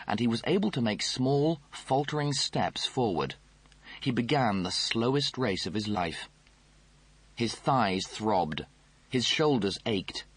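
A man narrating an audiobook in a measured, dry storytelling manner. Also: lowish voice, breathy edge, no room sound.

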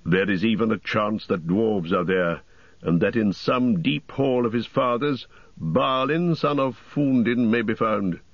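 A man reading the part of a wise old wizard in an audiobook, with a measured, solemn delivery. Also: fairly low pitch, no room sound, muffled recording. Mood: grave. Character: wise old male wizard, grave and commanding.

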